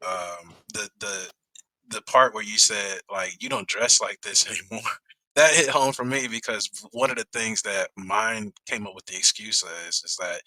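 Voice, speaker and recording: Bright-voiced man, dry close sound. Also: low voice, no room sound, rough recording. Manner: relaxed, slangy, halting restarts. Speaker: podcast guest. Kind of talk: casual chat.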